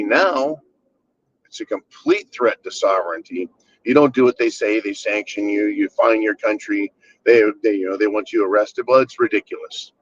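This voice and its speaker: This channel host, a man from the United States, gives a sarcastic, profane and blunt rant as a commentary monologue. He talks at a normal speed in a lowish voice, over a slightly dull, lo-fi recording with a little hiss or hum.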